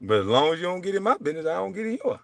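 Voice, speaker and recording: A middle-aged man hosting his show, ranting in a blunt, profane way and swinging between low mutters and loud outbursts. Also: sing-song, very fast, vocal fry, no echo. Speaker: show host. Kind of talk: heated livestream rant.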